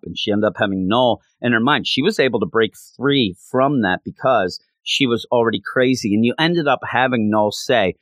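A man's voice: medium pitch, a bit bright, no room sound. Rambling, passionate man with a dry sound. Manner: rambling, passionate, lots of fillers. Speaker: comic book reviewer. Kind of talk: casual spoken review.

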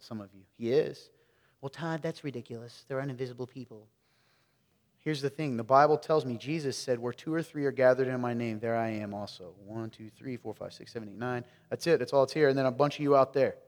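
Male pastor, animated sermon delivery, shifts loud to hushed, mid-pitched voice, long hall reverb. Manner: animated, swings between loud exclaiming and hushed intimacy. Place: church sanctuary.

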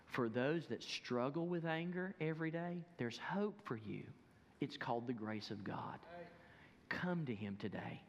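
A pastor preaching with insistent conviction, his voice sitting in an ordinary middle register. It rings out in a church sanctuary, trailed by the long reverb of the hall. He leans hard on repeated appeals, then drops to a hush when he turns to prayer. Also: mid-range voice, lo-fi sound. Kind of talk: sermon.

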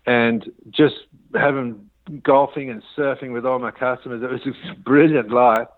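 A man's voice: mid-range voice, steady tone, normal speed. A man, a business founder guest, tells his story in a casual, rambling interview and acts out the quoted dialogue. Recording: tinny dry phone line.

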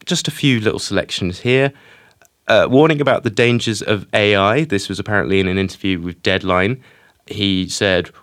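A man's voice: lowish voice, moderate pace, fairly bright tone, no room sound, studio quality. A man hosting a film podcast in casual chat, hesitant and repeating words as he goes. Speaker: podcast host.

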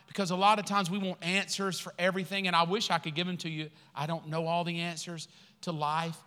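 A man pastor preaching a sermon, telling a story with lively acted-out quotes before turning quiet and earnest. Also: sits high, fairly quick, clean tone. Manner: animated storytelling, acting out quotes, laughing, then quiet and earnest. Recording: long hall reverb.

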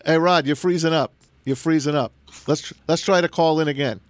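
A man hosting a casual sports talk show, chatting with animated, teasing banter. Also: a little high, fairly quick, no echo.

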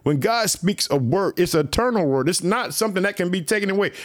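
A man's voice: high-pitched, animated, quick pace. A man preaching a fervent sermon to online listeners, whom he calls family, with lots of repetition. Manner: repetitive, exhorting, keeps saying "let me tell you something"; speaks directly to listeners as family.

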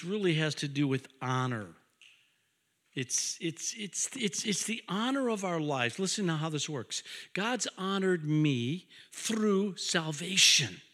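A middle-aged male pastor preaching a sermon with dynamic swings between loud emphasis and hushed intensity, joking asides and repeated words. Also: a little high.

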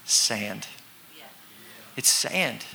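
A man preaching a sermon to a congregation, talking conversationally, acting out voices and sometimes shouting for effect. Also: fairly low pitch, animated, extremely slow, vocal fry. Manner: conversational with congregation call-and-response. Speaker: pastor.

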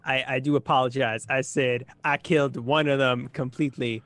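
A man's voice: mid-range voice, fairly even intonation, moderate pace, a bit bright, dry recording. A man playing at a tabletop game, joking around and swearing freely in casual banter. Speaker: player.

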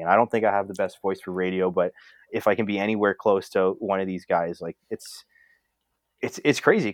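A man's voice: low-pitched, no room sound, clean studio sound. A man co-hosting a casual sports podcast, rambling with lots of fillers and restarts. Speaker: podcast co-host.

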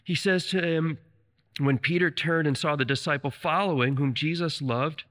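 Fervent preacher man, forceful voice. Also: a little high, moderate pace, long reverb tail. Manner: fervent storytelling, retelling scripture. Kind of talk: sermon.

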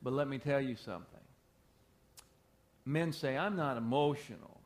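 A man's voice: medium pitch, normal speed, slight background noise. A man who is a pastor, preaching an emphatic sermon to his congregation with heavy repetition and call-and-response.

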